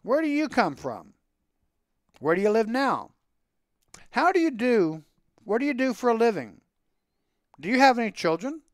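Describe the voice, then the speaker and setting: A man's voice: extremely high pitch, big pitch swings, dry recording, studio quality, voice pushed up, heavily acted. A man voicing a rich older village host who fires off questions, in a read-aloud story. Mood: curious. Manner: rapid string of questions. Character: rich old male village host, curious and brisk.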